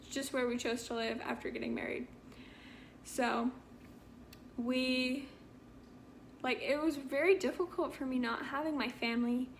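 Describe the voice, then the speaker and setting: Young woman vlogger, high voice, slow unhurried delivery, earnest and heartfelt storytelling. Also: a little hiss or hum. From Canada. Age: young adult. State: pregnant. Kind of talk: story time vlog.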